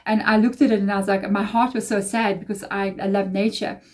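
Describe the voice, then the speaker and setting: Casual woman tarot reader, mellow, rambling and confiding. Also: medium pitch, fairly even intonation, fairly quick. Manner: rambling, confiding, emotional asides. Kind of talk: casual tarot reading monologue.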